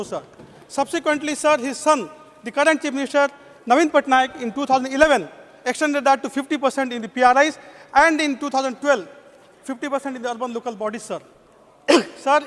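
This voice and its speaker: A man's voice: very high-pitched, fairly bright tone. An Indian English-speaking man giving a formal parliamentary speech as a member of parliament, constantly addressing the chair as sir. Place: parliament chamber. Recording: long echo of a large chamber.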